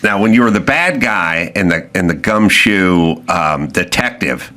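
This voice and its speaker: Man, casual podcast chat, rambling storyteller, lively pitch, bright tone. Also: a little slow.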